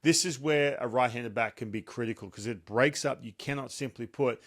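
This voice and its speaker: A man hosting a casual sports talk show, lively and joking. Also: mid-range voice. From Australia. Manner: lively, joking, quick banter.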